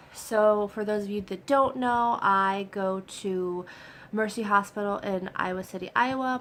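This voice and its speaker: A young adult woman chatting excitedly in a personal vlog update, a little hoarse from a cold, with lots of fillers. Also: mid-range voice, slight background noise. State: getting over a cold. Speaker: vlogger.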